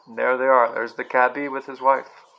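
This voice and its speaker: A man reads a novel aloud in a calm storytelling voice. His pitch is middling, and he adds brief asides between passages. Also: moderate pace, gravelly, highs cut off. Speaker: reader.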